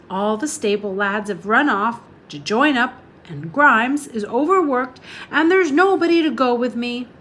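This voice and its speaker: A woman voicing an injured, chatty upper-class girl in a read-aloud novel, talking in a brisk, complaining way. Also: a little high, a bit bright.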